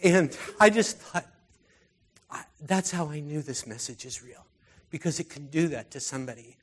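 A man preaching a sermon through personal stories, earnest and heartfelt, his voice often dropping soft and quiet. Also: on the high side, moderate pace, husky.

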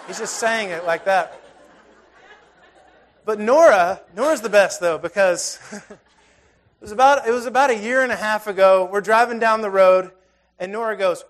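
A man in his thirties with a high voice preaches in a relaxed, conversational way. He tells self-deprecating stories and swings between loud emphasis and near-hushed asides. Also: moderate pace. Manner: storytelling with self-deprecating humor. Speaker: pastor. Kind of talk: conversational sermon.

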